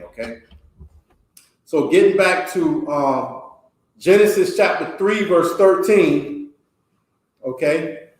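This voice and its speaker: A man teaches a class at an unhurried pace, reading aloud and stopping to explain. He often checks in with a quick "okay?". His voice sits a bit high and rings around a very echoey room. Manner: slow, ends phrases with a checking "okay?".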